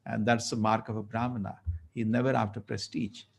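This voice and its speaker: A man's voice: on the low side, little pitch movement, a little fast, vocal fry, breathy edge. A man giving a lecture at a temple. He tells a story conversationally and acts out the dialogue. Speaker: temple speaker.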